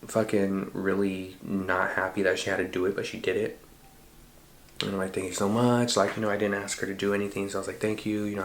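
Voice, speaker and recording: Profane, animated young-sounding man telling a story. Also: fairly low pitch, echoey room, slight background noise. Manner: profane, animated retelling with quoted voices. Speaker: podcast host. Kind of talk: casual storytelling monologue.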